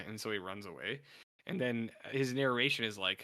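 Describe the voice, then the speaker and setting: A man's voice: medium pitch, fast, pushed and bright, no echo, studio quality. A young man co-hosting a podcast, casually retelling a film and acting out its lines. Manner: rambling retelling with acted-out quotes. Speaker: podcast co-host. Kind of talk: casual film review chat.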